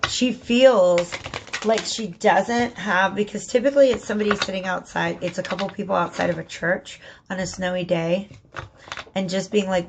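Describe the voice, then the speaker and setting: A woman talks through a tarot reading in a loose, chatty way, doubling back on her words and tossing in "okay?" as she goes. Her mid-pitched voice carries a gravelly fry, and there is faint noise in the background. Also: steady tone, moderate pace. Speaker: tarot reader. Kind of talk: casual spoken tarot reading.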